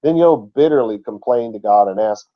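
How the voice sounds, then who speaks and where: Casting note: male Bible teacher, mid-pitched, talky and explanatory, dull lo-fi recording. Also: animated, normal speed. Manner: explanatory, conversational, with rhetorical questions. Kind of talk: sermon-style Bible teaching.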